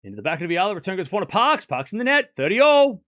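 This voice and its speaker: A man's voice: sits high, sing-song, fast talker, a bit bright. A man hosting a live tennis watchalong stream, calling points in chatty play-by-play, thanking donors and laughing often. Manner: chatty play-by-play, reads out donations.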